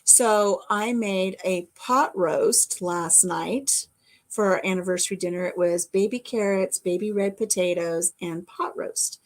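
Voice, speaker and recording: A woman's voice: medium pitch, a little slow. A middle-aged woman from the American Midwest talks with her viewers in a loose, homespun way. She rambles from topic to topic and stops to answer comments as they come in. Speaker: vlogger. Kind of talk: casual chat to a live audience.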